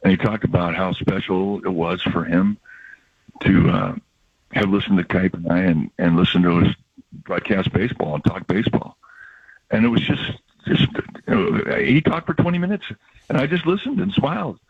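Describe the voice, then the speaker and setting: An older male baseball broadcaster chatting on the radio, reflective and rambling, with a husky voice. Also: deep voice, normal speed, dry recording. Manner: reflective, rambling storyteller with laughs. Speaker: baseball broadcaster, regular guest. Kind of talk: emotional casual radio chat. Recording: dull lo-fi radio audio.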